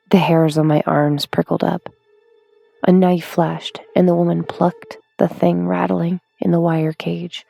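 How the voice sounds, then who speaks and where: A woman narrating a horror story in a hushed, drawn-out way, sometimes dropping to a whisper. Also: fairly low pitch, little pitch movement, gravelly, no room sound, faint music behind. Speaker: audiobook narrator.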